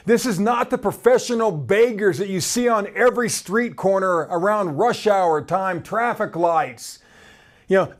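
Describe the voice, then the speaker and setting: A man preaching a sermon in an animated way, asking his listeners questions and laughing between points. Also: sits high.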